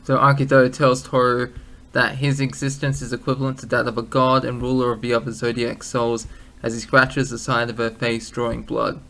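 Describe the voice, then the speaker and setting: A man's voice: medium pitch, flat delivery, gravelly, bright, forceful tone. A man recapping an anime episode in casual chat with friends, often stumbling over and repeating words. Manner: halting, repeats words, laughs easily. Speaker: co-host.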